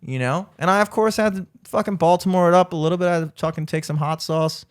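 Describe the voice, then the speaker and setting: A man's voice: fairly high pitch, quick pace, clear, resonant tone. Rambling, laughing man telling travel stories. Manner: rambling storyteller, swears freely, laughs often. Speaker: podcast co-host. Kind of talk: casual chat.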